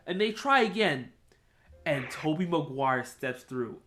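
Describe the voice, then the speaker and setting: Animated young man recounting a film. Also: on the high side, measured pace. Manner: excited, animated retelling with swearing. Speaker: podcast host. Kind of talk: casual chat.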